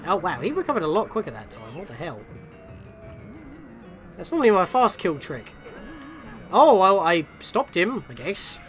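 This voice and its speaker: A man's voice: high-pitched, very animated, normal speed, pauses often, fairly bright tone, faint music behind. A man hosting a gaming channel, giving chatty, self-deprecating let's play commentary and reacting with surprise.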